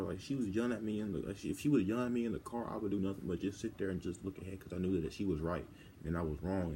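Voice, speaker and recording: Teenage boy, low dark voice, personal vlog, rambling and halting, close to tears, faint background noise. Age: teens. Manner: rambling and halting, many restarts and fillers. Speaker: vlogger.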